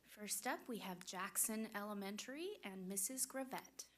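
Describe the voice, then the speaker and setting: A woman's voice: mid-range voice, animated, moderate pace, fairly bright tone. Woman chairing a school board meeting. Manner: reads case numbers with frequent ums. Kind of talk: formal meeting procedure.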